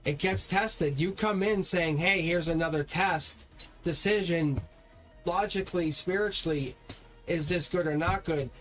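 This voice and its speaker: A man's voice: fairly high pitch, a little slow, a bit bright. Intense tarot reader, man, faint music. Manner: talks straight to viewers, swears when heated; rambling, repeats words and restarts. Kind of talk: live-stream tarot reading.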